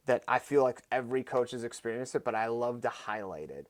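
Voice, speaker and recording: Excitable male coach telling stories. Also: mid-range voice, fast talker, hardly any pauses. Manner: animated, voice rises sharply when excited. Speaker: podcast guest, fitness coach. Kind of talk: casual storytelling.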